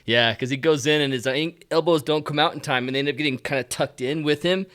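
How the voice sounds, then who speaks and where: A man's voice: on the high side, quick pace, fairly bright tone, no room sound, clean studio sound. A man hosting a casual video call, laughing often and asking follow-up questions. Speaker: host. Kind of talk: casual group chat.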